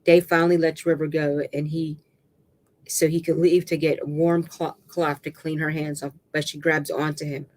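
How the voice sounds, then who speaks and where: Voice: mid-range voice, level tone, darkish tone. A reader narrating a dramatic novel aloud, stumbling and restarting words now and then. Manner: halting reading with restarts and stumbles.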